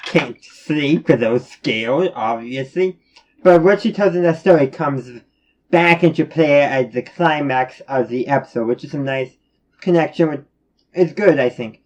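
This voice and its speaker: A man's voice: fairly high pitch, a little mellow, muffled recording. A man giving a casual spoken review, rambling along with many restarts and fillers. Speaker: reviewer of animated episodes.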